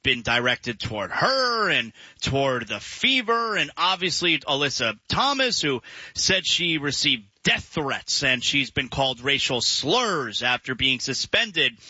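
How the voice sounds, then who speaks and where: Bright, husky-voiced male radio host. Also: medium pitch, big pitch swings, unhurried, no room sound. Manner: rambling, restarts sentences. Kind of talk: casual sports radio chat. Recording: dull lo-fi broadcast sound.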